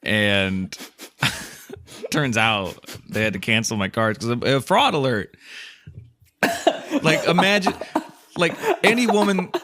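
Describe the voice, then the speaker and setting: A man's voice: mid-range voice, takes it slowly, pauses often, bright, forceful tone. A man in casual chat, chiming in with jokes and laughter as a co-host. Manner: chimes in with quips and laughter. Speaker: co-host friend.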